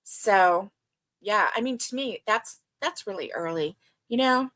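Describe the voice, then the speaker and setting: A woman's voice: mid-range voice, lively intonation, unhurried. An older woman hosting a casual livestream chat, reading viewer comments aloud and talking with many fillers. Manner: chatty, warm, with many fillers. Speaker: livestream host.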